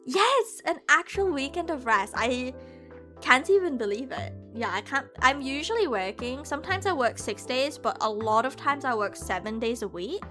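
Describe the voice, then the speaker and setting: Bright, high-voiced chatty streamer woman. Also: moderate pace, soft background music. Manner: animated venting with frequent laughter; chats back to viewers' messages. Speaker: VTuber streamer. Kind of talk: casual live-stream chat.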